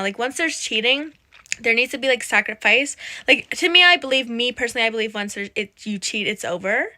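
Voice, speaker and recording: A woman's voice: on the high side, brisk, pushed and bright. A woman hosting casual reaction commentary, chatty and preachy, repeating her points to the viewers. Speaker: commentary host.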